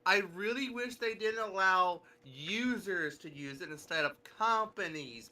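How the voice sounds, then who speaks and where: Man streamer, bright sharp tone, slightly high voice, rambling casual talk. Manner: rambling, full of restarts and filler words. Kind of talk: casual chat.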